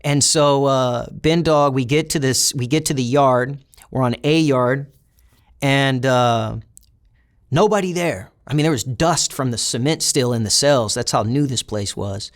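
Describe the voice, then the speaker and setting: A man's voice: medium pitch, unhurried. Blunt-talking man telling a prison story. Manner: blunt, swears freely, many fillers. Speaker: interviewee. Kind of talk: casual storytelling interview.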